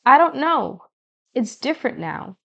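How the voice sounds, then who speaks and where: A woman's voice: sits high, very animated, a little slow, gravelly, fairly bright tone, pitched above the performer's own voice, exaggerated voice. A woman reading the lines of a blunt, defensive teenage girl in an audiobook, with plain, lightly voiced dialogue.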